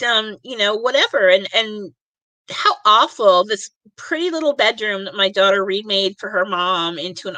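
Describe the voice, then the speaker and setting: Woman podcast host in her forties, emotional and rambling, with a bright, dry voice. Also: mid-range voice, dry recording. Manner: emotional, rambling, many fillers. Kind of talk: live panel show chat.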